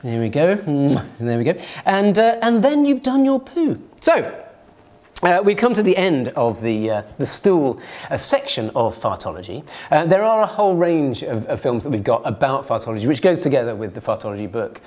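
A man's voice: a little high, big pitch swings, moderate pace, darkish tone. A man presenting a playful science demonstration, jokey and theatrical, gleefully narrating what he does.

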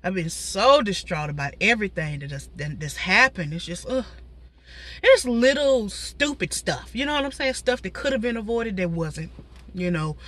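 Woman vlogger, bright voice, slightly stuffy, casual chat from a parked car. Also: lowish voice, animated, brisk. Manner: chatty, talks straight to viewers with frequent asides. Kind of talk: casual talking mukbang chat.

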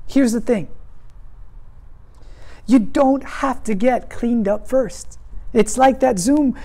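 A man's voice: very high voice, takes it slowly, pauses often, warm tone. A man preaching a sermon as pastor, earnest and emphatic, repeating his points for weight.

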